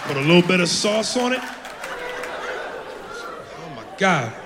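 A man's voice: high-pitched, sing-song, measured pace, background noise. Brash male stand-up in a live club. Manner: brash, crude, slangy. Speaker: stand-up comedian. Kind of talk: stand-up comedy routine. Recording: live club, crowd and reverb.

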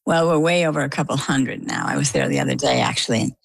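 A middle-aged woman from Maine, a guest in an interview, telling her story in a lively, conversational way and acting out the quoted dialogue. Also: extremely low pitch, fast, gravelly, husky, no echo, low-quality recording. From Maine, USA.

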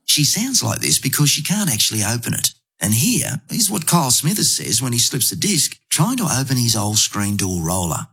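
A man's voice: mid-range voice, very animated, moderate pace, few pauses, a bit bright, slightly rough. A man narrating a comic radio ad in a wry, conversational way. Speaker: advertising voice-over.

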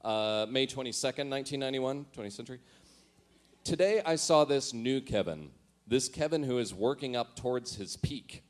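A man's voice: mid-range voice, expressive, normal speed. A man comically reads aloud from his teenage diary in a mock-earnest, dramatic way, often laughing at himself and adding sheepish asides. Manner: self-mocking, often laughing through lines; dramatic, mock-earnest delivery when reading entries. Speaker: storyteller reading his old teenage diary. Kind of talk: comedic reading of diary entries with asides.

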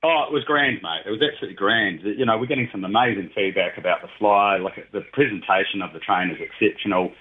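A man's voice: on the low side, fast, few pauses. A middle-aged man chatting casually on radio as a regular guest, rambling with many fillers. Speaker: regular guest, heritage train operator. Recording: tinny phone line.

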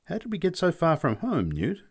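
A man's voice: fairly high pitch, huge pitch swings, normal speed, husky, pitched above the performer's own voice, exaggerated voice. A man voicing a spirited young woman who answers in a raised, indignant voice. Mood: drowsy teasing. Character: spirited young woman, proud and sharp-tongued.

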